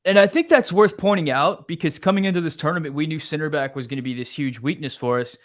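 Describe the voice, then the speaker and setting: A man's voice: a little high, fast. A man from the United States hosting a soccer preview show, talking energetically and reading viewer comments aloud. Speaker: podcast host. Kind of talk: sports analysis chat.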